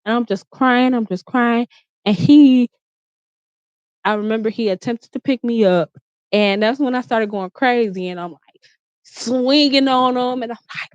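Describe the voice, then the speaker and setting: A woman's voice: on the high side, normal speed, a little mellow, no echo. A woman vlogger in her bedroom telling a personal story in casual, candid, profane speech, full of "like" and restarts. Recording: dry, slightly dull lo-fi sound.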